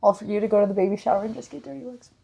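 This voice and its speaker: A woman's voice: medium pitch, racing, vocal fry, mellow, slightly rough, muffled recording. A woman co-hosting a casual podcast, adding short supportive remarks. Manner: brief supportive interjections. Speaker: podcast co-host. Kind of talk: casual chat.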